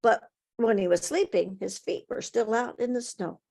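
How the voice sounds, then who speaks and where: Expressive woman telling a folktale. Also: on the high side. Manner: expressive, dramatic pauses and emphasis. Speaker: storyteller. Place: home, online story swap. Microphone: video call.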